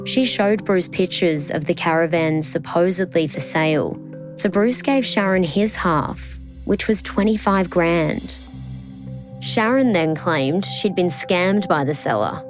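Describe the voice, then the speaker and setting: A woman narrating a true-crime podcast in a measured, scripted delivery. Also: on the low side. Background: music bed.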